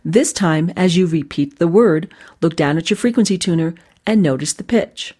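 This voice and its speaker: A woman voice coach slowly modeling single words for the listener to repeat. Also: lowish voice, animated, warm tone, breathy edge, faint music behind. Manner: slow, deliberate word-by-word modeling for repetition. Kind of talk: guided vocal exercise instruction.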